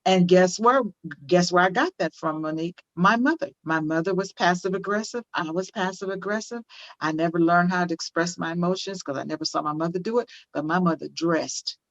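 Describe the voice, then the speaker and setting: A woman's voice: on the low side, brisk, no room sound, highs cut off. An older woman speaking as a parenting guest on a video call, impassioned, repeating phrases for emphasis. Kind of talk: conversational interview, teaching.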